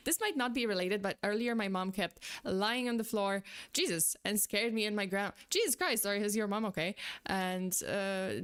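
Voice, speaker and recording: A young woman streamer with a fairly high voice, chatting casually with her viewers. She rambles, restarts her thoughts, and swears freely. Now and then she bursts into exasperated disbelief. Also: a bit bright. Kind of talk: casual livestream chat.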